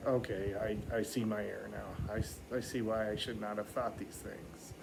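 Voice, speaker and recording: A male stand-up comedian spins a long, animated story. He rambles with plenty of fillers and drops into mock voices for the people in it. A faint ambient hum sits under his mid-pitched voice. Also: normal speed, vocal fry, low-quality recording.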